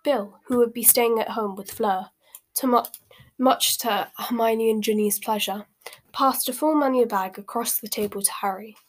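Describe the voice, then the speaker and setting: Expressive woman reading a story aloud. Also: on the high side, normal speed. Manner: expressive, lively voicing of characters. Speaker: audiobook reader. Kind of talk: scripted narration with character voices.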